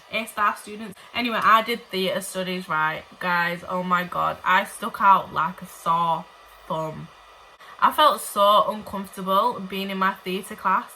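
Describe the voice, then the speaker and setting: A woman's voice: mid-range voice, pushed and bright, a little hiss or hum, low-quality recording. A young woman telling casual storytime tales to her viewers, blunt and full of swearing and chatty asides. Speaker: vlogger.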